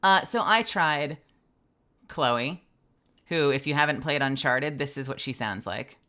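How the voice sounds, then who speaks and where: A woman's voice: low-pitched, lively intonation, unhurried, bright, forceful tone. A woman streaming live as a voice actor, talking candidly and self-deprecatingly in a rambling, casual way and swearing now and then. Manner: rambling, with frequent fillers and restarts. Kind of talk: casual livestream chat.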